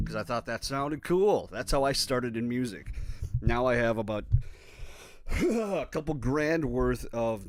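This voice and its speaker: A man's voice: on the low side, a little mellow. A man from Minnesota hosting a rambling, profane, self-deprecating solo podcast while playing guitar. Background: his own guitar playing.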